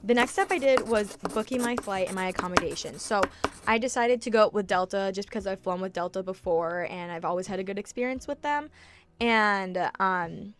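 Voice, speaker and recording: Speaking briskly at medium pitch, a woman in her early twenties recounts her travels as a vlogger, chatty and confessional. She leans on "like" as a filler, swears casually, and gets emotional enough to come close to tears at times.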